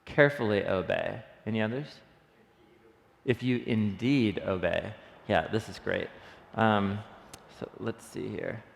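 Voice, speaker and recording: Gravelly low-voiced man teaching in a hall. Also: a little slow. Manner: enthusiastic, conversational, thinks aloud with fillers. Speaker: Bible study teacher. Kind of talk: casual Bible study teaching. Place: church room. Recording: long reverb of a hall.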